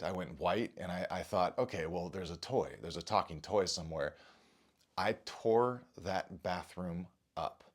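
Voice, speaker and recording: A shaken father speaking straight to camera, recounting an unsettling experience with frequent stammers, restarts and the odd curse. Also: sits low. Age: adult father. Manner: rattled, stammering, restarts and swears. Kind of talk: shaken first-person account to camera.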